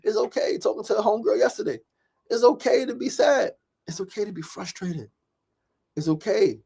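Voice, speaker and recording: A middle-aged man hosts his daily talk show in a loose, candid way. His voice sits a bit high for a man. He curses freely, repeats himself for emphasis and keeps asking "right?". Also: normal speed, gravelly, dark tone, breathy edge. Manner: profane, repeats phrases, frequent "right?". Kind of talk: casual motivational talk.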